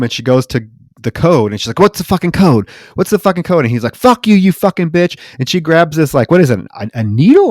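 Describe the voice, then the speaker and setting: A man co-hosting a horror film podcast, recapping scenes in a casual, animated way and acting out the characters' lines. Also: medium pitch, no echo, studio quality. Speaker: podcast co-host.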